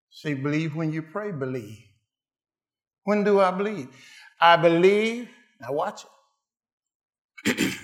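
A man preaching a sermon, building to shouted climaxes and then dropping to hushed, quiet lines. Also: on the high side, slow, long pauses, roomy sound.

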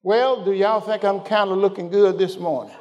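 A man preaching a sermon, questioning his congregation and drawing out scripture slowly before rising in pitch as he builds. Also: steady tone, a little mellow, big-room sound, highs cut off. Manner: call-and-response, questioning the congregation.

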